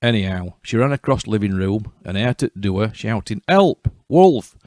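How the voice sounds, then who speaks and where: Low-voiced Yorkshire storyteller, wry. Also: male voice, brisk, darkish tone, no echo, clean studio sound. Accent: West Riding Yorkshire. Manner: broad dialect, wry asides to the listener. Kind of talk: dialect fairy-tale narration.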